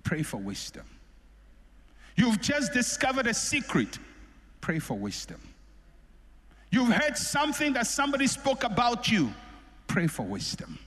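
A man preaching a sermon, repeating phrases for emphasis and swinging between loud and soft. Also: very high voice, huge pitch swings, a little slow, pauses often. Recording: echoey hall with long reverb.

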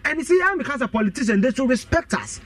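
Rapid-fire and very animated, a Ghanaian-accented man with a very high, fairly bright voice debates politics on a radio show. He alternates Twi and English, stresses and repeats his arguments, and sounds dry and distant on the recording.

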